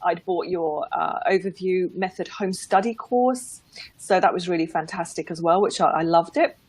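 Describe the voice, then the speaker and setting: A woman's voice: lowish voice, moderate pace, husky. A middle-aged woman with an English accent, chatting casually as a guest about her work as a mindset coach, with a lot of ums and easy laughs. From England. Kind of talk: casual chat on a live stream.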